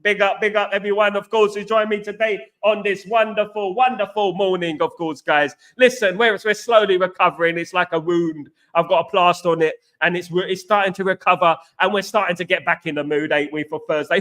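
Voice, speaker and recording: Bright, high-voiced East London man. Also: brisk, few pauses. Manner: banter, slangy catchphrases, repeats himself. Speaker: livestream host. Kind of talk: casual livestream chat reading viewer comments.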